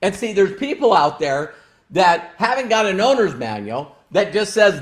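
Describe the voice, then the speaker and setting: A man's voice: high-pitched, sing-song, moderate pace. A man hosting a motivational live stream, speaking emphatically and repeating key phrases with emotion. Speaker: livestream host.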